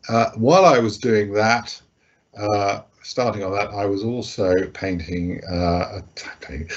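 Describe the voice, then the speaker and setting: A man's voice: sits low, breathy edge, dull audio. A man giving a talk about art over slides, hesitant, with many fillers and restarts. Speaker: guest speaker, art critic.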